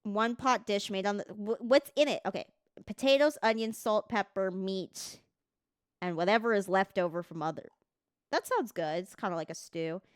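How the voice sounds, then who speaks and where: A woman's voice: medium pitch, normal speed, smooth, no echo, clean studio sound. A woman streamer chatting casually on a livestream, reading text aloud, swearing freely and stumbling over words as she reads.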